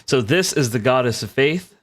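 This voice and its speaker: A man's voice: medium pitch, animated, normal speed, soft background music. A man narrating as game master in casual tabletop role-play, with frequent fillers.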